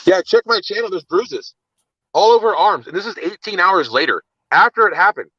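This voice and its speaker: A man's voice: high voice, lively intonation, brisk, pushed and bright, breathy edge, no room sound, muffled recording. A man with children telling an agitated, cursing story of his arrest, often repeating words. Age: adult with children. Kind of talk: casual storytelling.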